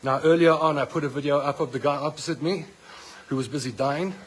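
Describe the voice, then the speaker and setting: Man, angry patient, phone video, blunt, slightly high voice, echoey hospital ward, long reverb. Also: fairly quick, slight background noise. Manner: indignant, blunt, repeating himself when worked up. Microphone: phone held by the speaker.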